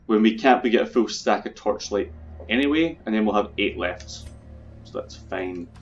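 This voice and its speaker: A man's voice: fairly low pitch, normal speed, dull audio, soft background music. A man casually commenting on his own gameplay, chatty, swearing freely and talking through his plans. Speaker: video game let's player.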